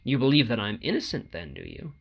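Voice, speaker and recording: A man's voice: mid-range voice, huge pitch swings, fairly quick, vocal fry, lo-fi sound, full character voice. A man reading an audiobook who voices an anxious, earnest young man explaining himself.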